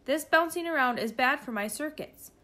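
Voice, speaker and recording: A woman's voice: high-pitched, moderate pace, bright, forceful tone, voice pushed up. Woman voicing a snooty mechanical supercomputer. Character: fussy snooty male supercomputer, self-important. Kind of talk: storybook read-aloud.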